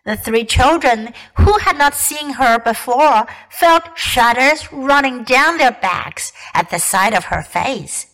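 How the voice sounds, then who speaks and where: A woman teacher reading a classic storybook aloud in a careful, expressive way. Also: high-pitched, slow, hardly any pauses, rough recording.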